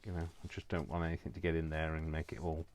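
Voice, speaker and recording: Chatty deep-voiced man in his fifties. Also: completely flat delivery, quick pace, darkish tone, a little hiss or hum. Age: 50s. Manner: chatty, self-mocking, rambling asides. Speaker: craft vlogger. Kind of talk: casual chat while crafting.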